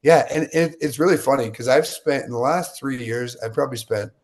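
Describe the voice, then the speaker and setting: A man's voice: mid-range voice, a little fast. A man from the United States, a guest in an interview, telling stories with energy and acting out the lines of people in them. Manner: energetic, animated storyteller acting out quotes. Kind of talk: interview storytelling.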